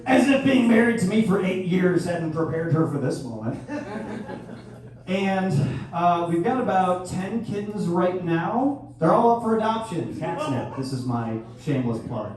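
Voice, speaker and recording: A man in his thirties doing a crude stand-up comedy set with sudden loud outbursts. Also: sits high, lively intonation, unhurried. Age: 30s. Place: live venue hall. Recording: echoey hall from far off, faint noise.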